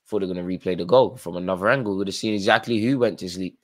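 A man's voice: low-pitched, rapid-fire. A tired man hosting a live football watchalong, chatting through play-by-play with fan reactions. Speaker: watchalong host.

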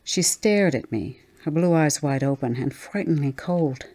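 A woman reading a ghost story aloud as an audiobook narrator, measured and tense. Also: sits low, animated, dark tone.

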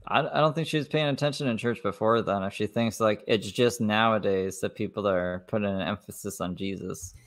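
A man's voice: lowish voice, brisk, hardly any pauses. A man hosting a livestream, reacting to clips with sarcastic, profane, mocking commentary. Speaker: commentary streamer.

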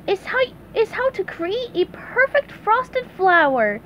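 A woman's voice: very high voice, sing-song, slow pace, fairly bright tone, a little hiss or hum, voice pushed up, full character voice. A woman voicing a cheerful, eager male cartoon sea sponge in a storybook reading, with a bubbly, gushing manner.

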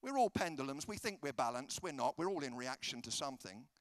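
In a conference hall, a British man delivers a comic sermon, spinning stories and voicing the characters' lines in funny voices. He speaks at a medium pitch, animated and brisk, and there's no echo.

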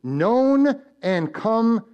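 A man preaching a sermon as pastor, swinging between loud emphatic build-ups and hushed low warnings, telling stories and posing questions to the congregation. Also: very animated, drawn-out words, smooth, muffled recording. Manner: storytelling with direct questions to the congregation. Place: church.

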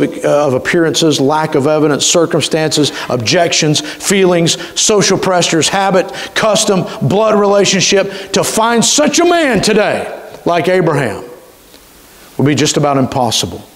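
Pastor guy preaching, high voice, draws out big words, lots of hall echo. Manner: emphatic preaching, stretching key words slowly. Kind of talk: sermon. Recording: reverberant church hall.

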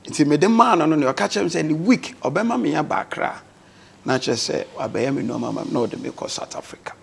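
A man's voice: a little high, sing-song, a little fast, vocal fry, a little hiss or hum. A man with a Ghanaian accent, a guest on a talk show, earnestly telling his life story and mixing English words into his speech.

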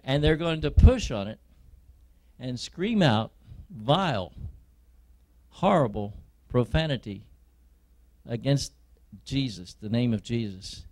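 A male preacher delivering a sermon as a dramatic, vivid story told to his listeners. He speaks very slowly, with long, weighty pauses. His voice sits at a medium pitch for a man. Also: lively intonation, a little mellow.

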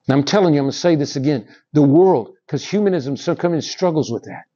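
A middle-aged man preaching a sermon in a church, with animated rises and drops and calls to the congregation. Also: on the high side, fast talker, hardly any pauses. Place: church sanctuary. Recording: dull lo-fi sound.

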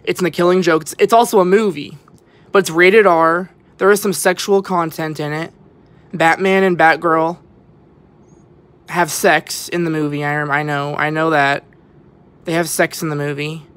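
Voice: medium pitch, steady tone, normal speed, a bit bright, clean tone. A young vlogger giving rambling, stammering walkthrough commentary who often drops to a whisper. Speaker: vlogger touring an exhibit.

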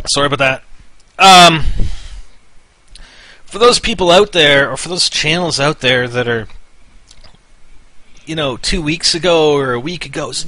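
A man's voice: a little high, animated, slow pace, long pauses, bright, forceful tone, dry recording. A man hosting casual gaming commentary, rambling and hyper, winding himself up into a half-joking rant. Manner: rambling, mock-ranting, wound up. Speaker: gaming channel host.

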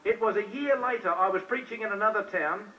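A man's voice: high voice, fairly quick, bright, forceful tone, slight background noise. A man preaching an evangelistic sermon to a hall, repeating himself and firing questions at the crowd. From New Zealand. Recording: distant, dull old live recording.

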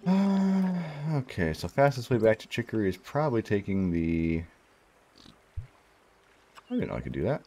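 A man mutters wry asides while playing a video game. His voice is deep and gravelly, yet jumps around widely in pitch. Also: big pitch swings, normal speed, pauses often, mellow. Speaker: game streamer. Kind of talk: casual let's-play commentary.

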